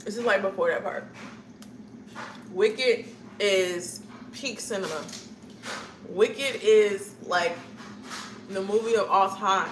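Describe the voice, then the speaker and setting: A woman's voice: medium pitch, slow pace, pauses often, echoey room, a little hiss or hum, poor audio. A young woman chatting casually with her live viewers, rambling from one thought to the next and laughing often.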